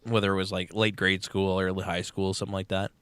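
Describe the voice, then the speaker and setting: A man's voice: sits low, flat delivery, fast talker, a bit bright, clear, resonant tone, no echo. A young man co-hosting a podcast, telling a long crude joke casually, swearing often and acting out the characters. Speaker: podcast co-host.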